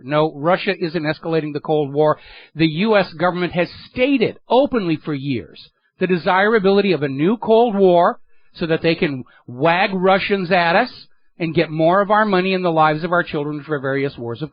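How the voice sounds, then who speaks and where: A man's voice: high voice, no echo, dull audio. A man hosting a political talk radio show, delivering an emphatic, sardonic monologue into a studio microphone.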